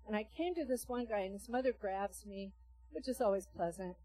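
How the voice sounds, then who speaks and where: A woman preacher telling a healing story and reading scripture, acting out the dialogue with lively storytelling. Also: medium pitch, moderate pace, no room sound, poor audio. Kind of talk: sermon with testimony and scripture reading.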